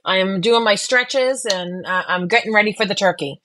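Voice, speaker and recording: A woman's voice: medium pitch, normal speed, fairly bright tone. A middle-aged woman with a Boston accent chats away as a podcast co-host. She talks in a loose, self-deprecating way and often stumbles and restarts her sentences. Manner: chatty, self-deprecating, many restarts and fillers. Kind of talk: casual podcast chat.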